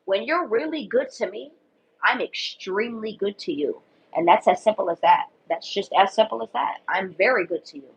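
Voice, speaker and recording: With a mid-range, somewhat bright voice, this tarot reader does a casual reading for viewers. She talks bluntly, swears a lot, stresses her points and repeats herself, all on dull lo-fi audio.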